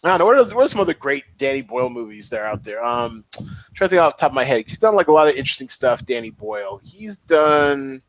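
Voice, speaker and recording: A man co-hosting a podcast, talking about movies in an animated way and restarting his sentences often. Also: mid-range voice, fast talker, no echo, muffled recording. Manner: animated, excitable, many restarts. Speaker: podcast co-host. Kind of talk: casual film chat.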